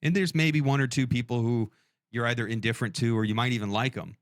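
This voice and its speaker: A man's voice: medium pitch, steady tone, fast, no room sound, studio quality. A man co-hosting a podcast in loose, profane casual chat, filling his talk with "like" and "dude". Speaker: podcast co-host. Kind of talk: casual conversation.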